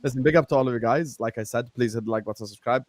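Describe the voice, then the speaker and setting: A young man hosting a casual livestream chat, animated and laughing often, using street slang. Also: mid-range voice, rapid-fire, no room sound. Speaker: host.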